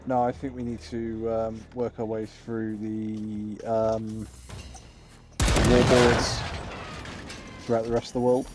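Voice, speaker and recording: A man streaming a game, chatting casually and telling rambling, excitable stories. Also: fairly low pitch, takes it slowly, pauses often, a little hiss or hum. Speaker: streamer playing a survival shooter. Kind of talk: casual gameplay chat. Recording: game sounds loud behind the voice.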